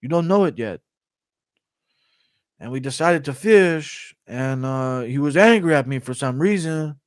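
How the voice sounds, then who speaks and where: A man impersonating a fighter who slowly rambles through a dull story. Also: fairly high pitch, expressive, no room sound, studio quality, pitched above the performer's own voice. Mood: rambling. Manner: slow, halting storytelling. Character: slow, rambling male fighter telling a pointless story.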